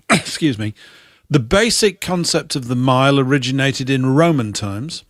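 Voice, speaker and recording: A man's voice: mid-range voice, lively intonation, measured pace, fairly bright tone, no echo, clean studio sound. A man in a casual radio chat, easygoing, reading aloud from a website.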